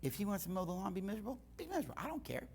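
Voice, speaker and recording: Racing along in a high voice with vocal fry, this middle-aged man is a guest speaker in church. His teaching talk features animated stories with the dialogue acted out.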